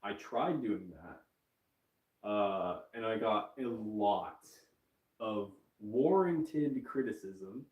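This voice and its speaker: A man's voice: lowish voice, lively intonation, very slow, phone-quality sound. A man chatting casually to his stream viewers, rambling with many fillers and laughing at himself. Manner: rambling, frequent fillers, self-mocking laughs. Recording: roomy echo, distant from mic.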